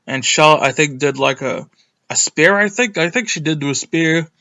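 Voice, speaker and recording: A young man recapping a wrestling show in a rambling, excitable way, with lots of ums and some swearing. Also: fairly high pitch, normal speed. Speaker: wrestling reviewer. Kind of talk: casual recap monologue.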